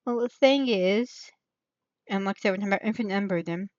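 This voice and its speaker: A woman's voice: mid-range voice, fast, a little mellow, no room sound. A woman hosting her own stream in a loose, rambling chat. She thinks aloud, drifts off mid-thought and circles back. Her voice sits in a middle register, and the sound is dry and a little muffled. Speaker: channel host. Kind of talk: rambling casual livestream chat.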